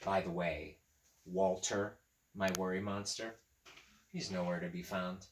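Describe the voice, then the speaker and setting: A man, a teacher, reading a picture book aloud to children and chatting gently with them about it. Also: sits low, steady tone, measured pace, pauses often, roomy sound, a little hiss or hum. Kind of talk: children's story read-aloud.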